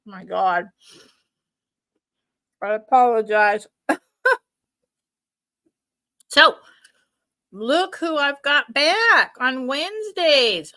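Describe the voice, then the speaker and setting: A bright, higher-pitched woman chats on a live stream, giggly and loose as she hosts a vintage sale. Her voice comes across dry and close. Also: lively intonation, extremely slow, long pauses, no room sound. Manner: giggly, chatty, talks while chewing. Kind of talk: casual chat on a live stream.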